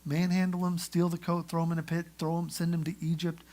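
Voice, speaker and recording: A man preaching a sermon in church, telling the story in a lively way and acting out the characters. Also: on the high side, a little fast. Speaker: pastor. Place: church sanctuary.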